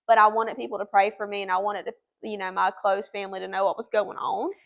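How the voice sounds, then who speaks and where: A woman's voice: medium pitch, flat delivery, fast talker, gravelly, lo-fi sound. A woman, telling her personal story to a host in an earnest, chatty way. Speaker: guest.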